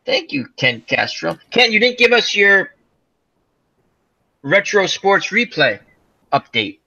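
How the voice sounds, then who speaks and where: A man hosting a casual live chat show, rambling excitedly through movie retellings with frequent laughs. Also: high-pitched, takes it slowly, vocal fry, husky, dull audio. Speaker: livestream chat host.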